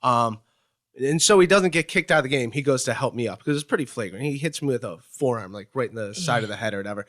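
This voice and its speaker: A man from Cleveland, Ohio, answering interview questions, telling a story in halting bursts with many fillers. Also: mid-range voice, fairly bright tone.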